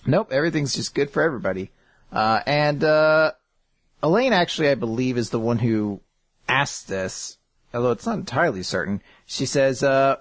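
A man's voice: medium pitch, very animated, brisk, no room sound. A man hosting a casual, rambling recap of a comic, often laughing and swearing. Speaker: host.

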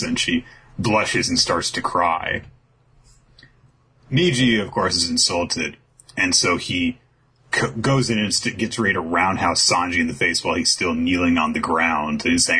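Brief: a casual male podcast host, deep and husky, with a sharp tone. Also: a little slow. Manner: rambling, profane, acts out the figures' lines. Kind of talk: casual comic recap.

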